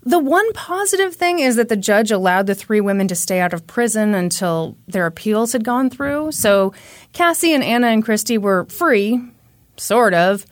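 A woman's voice: medium pitch, animated, moderate pace, no room sound, clean studio sound. A woman hosting a podcast, telling a true crime story in a conversational way with wry asides. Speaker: podcast host.

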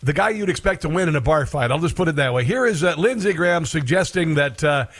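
A man's voice: a little high, expressive, fast, fairly bright tone. A man hosting a political commentary show, sarcastic and rambling, with many filler sounds.

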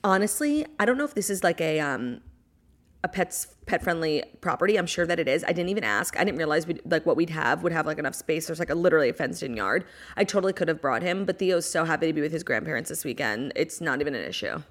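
A young woman co-hosting a podcast remotely from a rented cottage, chatting casually, swearing freely and talking in quick bursts full of "like". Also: deep voice, animated. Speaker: podcast co-host. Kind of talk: casual chat. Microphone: remote audio-only recording.

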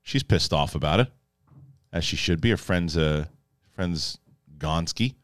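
A man casually reviewing an episode, animated and jokey, acting out the characters in quick asides. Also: deep voice, no room sound, studio quality. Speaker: film and TV reviewer.

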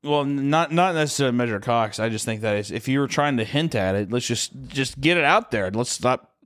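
A drunk podcast co-host rambles through crude stories in a casual chat, acting out the characters. His medium-pitched voice is brisk and fairly bright with lively intonation, captured as clean studio sound with no room noise.

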